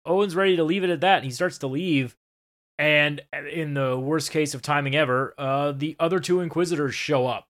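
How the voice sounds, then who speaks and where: A man co-hosting a casual podcast, recapping a show with animated, swearing retellings. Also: a little high, normal speed. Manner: animated, swearing, acts out scenes in quoted voices. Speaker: podcast co-host.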